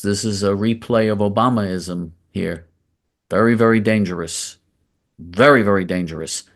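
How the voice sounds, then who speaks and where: The host of a political commentary show speaks with a fairly low pitch and vocal fry. His monologue is blunt and combative, and he repeats phrases to drive his points home.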